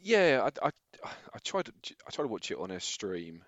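Man, podcast co-host, relaxed and chatty, dry close sound, muffled lo-fi. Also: lowish voice, moderate pace, dry recording. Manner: laid-back, chatty, laughs often. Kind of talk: casual football chat.

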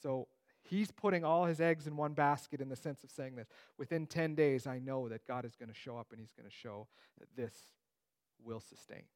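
A man's voice: mid-range voice, moderate pace, a little mellow. A man teaching through a Bible passage in a conversational way, with joking asides.

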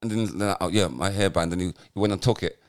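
Deep raspy-ish guy in his 40s, slangy, laughing, ribbing his co-host. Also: fast talker. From UK, Jamaican heritage. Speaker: podcast co-host. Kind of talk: casual banter.

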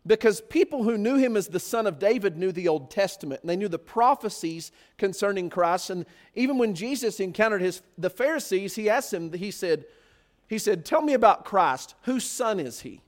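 Man, sermon, high-pitched, very expressive intonation, rhetorical questions. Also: normal speed. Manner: asks the listeners frequent rhetorical questions. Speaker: preacher.

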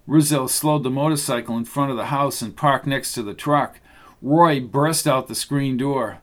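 A man narrating an audiobook thriller in a steady, even delivery. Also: mid-range voice, moderate pace. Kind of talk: scripted narration.

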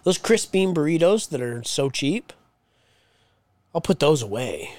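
A man co-hosting a casual podcast, swearing a lot and teasing his friend, often breaking into loud laughter. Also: a little high, sing-song, a little slow, dry recording. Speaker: podcast co-host. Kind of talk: casual chat.

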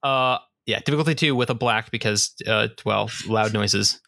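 A man acting as game master, calmly explaining rules and outcomes to the players. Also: lowish voice, moderate pace, vocal fry, no room sound. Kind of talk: running a tabletop game.

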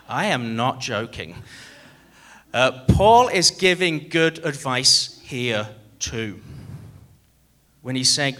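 A man preaching a sermon as pastor in an animated, jokey way, with sudden swings in loudness. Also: fairly high pitch, takes it slowly.

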